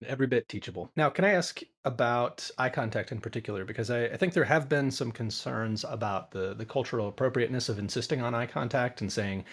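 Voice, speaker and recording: A man's voice: medium pitch, quick pace, few pauses, slightly rough. A male podcast host asking thoughtful, rambling interview questions with many fillers.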